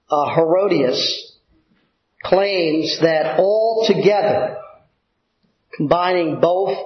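A man preaching a sermon, teaching slowly and deliberately with pauses and filler words. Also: on the high side. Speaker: pastor. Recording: echoey room, dull lo-fi sound.

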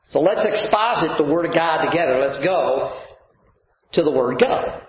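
A male pastor preaching a sermon to his congregation, animated and rising to shouts for emphasis. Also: on the high side, normal speed. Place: church sanctuary. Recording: echoey church hall, dull lo-fi sound.

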